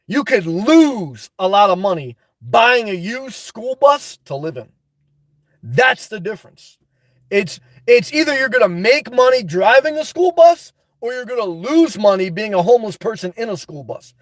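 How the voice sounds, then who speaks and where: Man, high voice, dry close sound, livestream chat reading, blunt, animated rants, in his car. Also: moderate pace, no room sound. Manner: blunt, animated, swings into loud laughing rants. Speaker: livestream host. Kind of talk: live-stream chat reading.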